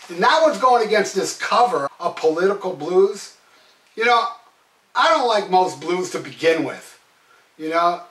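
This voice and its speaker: High-voiced man mocking songs in an echoey room. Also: fairly bright tone. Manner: profane, mocking, sarcastic. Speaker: album reviewer. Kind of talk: casual review monologue. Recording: echoey room, mic at a distance.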